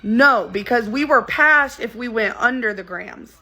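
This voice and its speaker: A woman and former fast-food worker talking to camera, indignant and confiding. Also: fairly high pitch, bright, forceful tone. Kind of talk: casual talk to camera.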